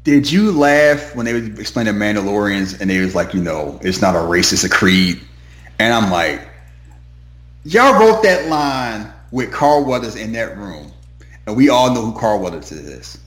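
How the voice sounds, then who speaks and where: A man's voice: fairly low pitch, very animated, moderate pace, faint music behind. A man co-hosting a casual chat about a TV show, swearing freely and acting out scenes in put-on voices. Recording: roomy echo.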